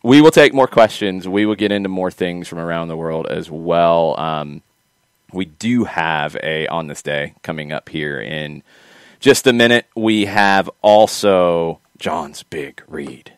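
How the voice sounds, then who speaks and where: A man's voice: deep voice, a little slow, clean tone, no echo. A man hosting a casual soccer talk show, chatty and rambling, correcting himself as he goes. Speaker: podcast host.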